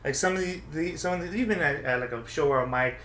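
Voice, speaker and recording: A man hosting a casual podcast chat, quick and excitable, swearing casually. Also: fairly high pitch, a little hiss or hum. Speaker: podcast host. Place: podcast studio. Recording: roomy studio sound.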